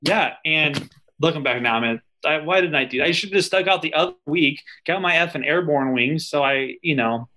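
A man with a bright, forward voice tells his service stories in a casual interview. He rambles, swears freely and leans on fillers and asides. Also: on the high side, moderate pace, low-quality recording. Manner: loose, profane, lots of fillers and asides. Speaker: army veteran guest.

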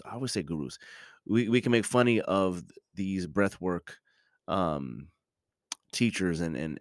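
Deep-voiced man musing haltingly. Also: no echo, clean studio sound. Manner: halting, many restarts and ums, reflective. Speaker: podcast host. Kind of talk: casual reflective monologue.

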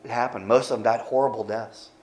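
A man giving a conversational sermon as pastor, animated, with joking asides and frequent restarts, speaking from a church pulpit. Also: medium pitch, fast talker, reverberant, a little hiss or hum.

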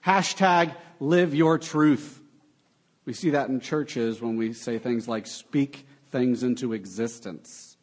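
A young adult man preaching a sermon, animated and full of sarcastic asides. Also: medium pitch, slow pace. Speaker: pastor.

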